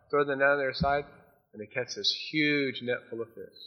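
A man preaching a sermon, retelling Bible stories in a casual, animated way and acting out the characters' lines. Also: medium pitch, normal speed, lo-fi sound. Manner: storytelling, acts out the voices of Bible figures. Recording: long hall reverb.

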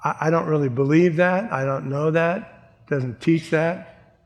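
A man's voice: on the high side, a little slow, long reverb tail. A male pastor preaching a sermon in an emphatic, conversational way.

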